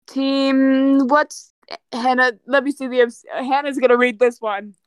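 A woman's voice: sits high, little pitch movement, takes it slowly, smooth, no room sound, clean studio sound. A young woman co-hosting a casual podcast, playful and teasing, laughing often. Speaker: podcast co-host. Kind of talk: casual chat.

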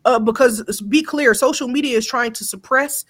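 Woman co-host, higher voice, blunt and heated, swears a lot. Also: moderate pace, a bit bright. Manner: blunt, heated and emphatic, with profanity. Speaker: podcast co-host. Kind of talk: casual chat.

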